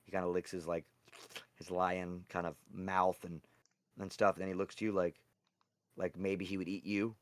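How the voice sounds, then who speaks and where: A man's voice: low-pitched, little pitch movement, moderate pace, dry recording. A young man running a tabletop game as dungeon master, narrating in a loose, rambling way and swearing casually.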